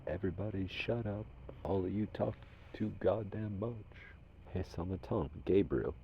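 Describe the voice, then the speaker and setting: A man from Minnesota talking casually to unseen spirits as a medium, rambling and shifting between loud commands and soft whispers. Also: low voice, normal speed, dull audio, slight background noise. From Minnesota, USA.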